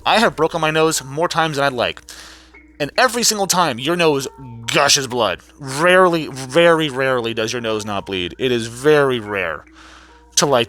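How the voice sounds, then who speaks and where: Bright-voiced man ranting in a casual recap. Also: on the high side. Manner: profane, animated, heavy use of "like" and restarts. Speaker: vlogger recapping a trial.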